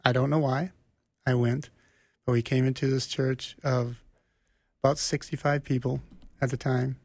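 A man telling his personal faith story as an interview guest, earnest and animated, often restarting sentences. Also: mid-range voice, moderate pace, no echo. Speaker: guest sharing his testimony. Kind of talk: conversational storytelling.

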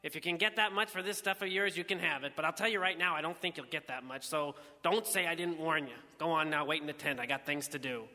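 A man voicing a gruff, brusque male auctioneer with hard-selling patter, in a story reading. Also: fairly high pitch, fast, hardly any pauses, pushed and bright, in a large hall.

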